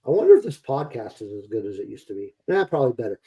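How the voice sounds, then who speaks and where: A man's voice: medium pitch, big pitch swings, very fast, warm tone. A man hosting a podcast in casual chat, rambling and poking fun at himself, laughing often. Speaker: podcast host.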